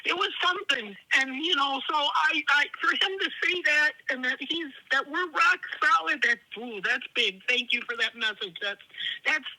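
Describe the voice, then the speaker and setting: High, bright woman caller on a tinny phone line. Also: moderate pace. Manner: emotional, grateful, voice breaking. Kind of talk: live call-in conversation. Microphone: telephone.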